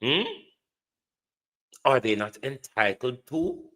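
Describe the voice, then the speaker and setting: A man's voice: mid-range voice, expressive, slow, pushed and bright, low-quality recording. Jamaican guy ranting on his stream, scornful and emphatic, keeps hammering the same insults. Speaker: livestream political commentator. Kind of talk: angry political rant. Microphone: streaming setup.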